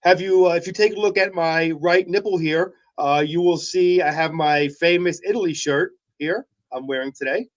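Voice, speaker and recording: A man's voice: a little high, normal speed, hardly any pauses, highs cut off. A man co-hosting morning radio, rambling and defensive, with lots of filler words. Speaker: radio co-host. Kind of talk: casual morning radio banter.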